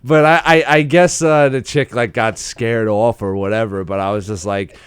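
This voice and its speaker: A man's voice: fairly low pitch, steady tone, moderate pace, smooth, no room sound, studio quality. A man, a comedian and co-host, telling a rambling, profane story in casual podcast chat.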